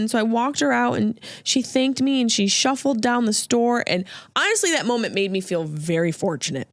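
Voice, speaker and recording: Lady podcast host doing a funny story bit, jokey and animated, dry close sound. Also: fairly high pitch, normal speed, few pauses, no room sound. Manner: animated, jokey, acts out quoted voices. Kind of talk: comedic storytelling monologue.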